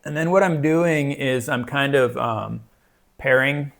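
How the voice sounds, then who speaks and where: A man's voice: mid-range voice, a little slow, gravelly, a bit bright. A man chatting casually about books, rambling with many fillers and restarts. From United States. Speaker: book reviewer. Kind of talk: casual book chat.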